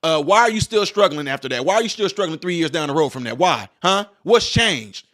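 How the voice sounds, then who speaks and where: A man's voice: a little high, lively intonation, fast, fairly bright tone. A man giving a preachy commentary monologue full of rhetorical questions. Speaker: political commentator. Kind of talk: animated monologue.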